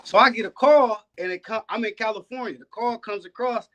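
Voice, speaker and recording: A man, a guest on a podcast and a dog breeder, telling stories in a relaxed, casual way. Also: high-pitched, brisk. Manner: laid-back, peppers talk with "man". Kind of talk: casual storytelling chat.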